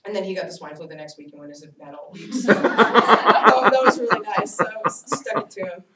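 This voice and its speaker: A young adult woman giving a personal storytelling speech to a class, animated and self-mocking as she tells her stories. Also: mid-range voice, brisk, over a noisy crowd. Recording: echoey room, distant mic, faint hiss.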